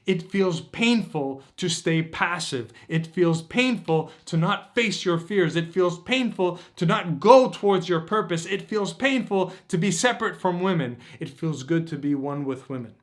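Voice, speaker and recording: A man leads a motivational workshop, his voice sitting a little higher than most men's. He talks in an intense, preachy way and swears freely as he presses his points. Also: animated, unhurried, hardly any pauses. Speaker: dating coach.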